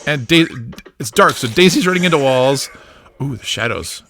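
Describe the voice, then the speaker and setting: Excitable woman reacting to a cartoon. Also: a bass voice, normal speed, soft background music. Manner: excitable, laughing, often drops to a hushed voice. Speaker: reaction show host. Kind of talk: live reaction commentary on a cartoon.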